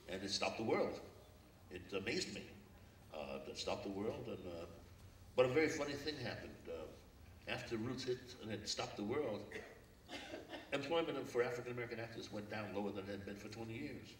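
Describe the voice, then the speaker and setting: An older man from Brooklyn speaks earnestly from a stage, telling stories in a low voice. He sounds far from the mic, and the big hall echoes around him. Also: lively intonation, a little fast, slight background noise. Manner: reflective, storytelling, earnest. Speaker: guest speaker. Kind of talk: public forum talk. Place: lecture hall.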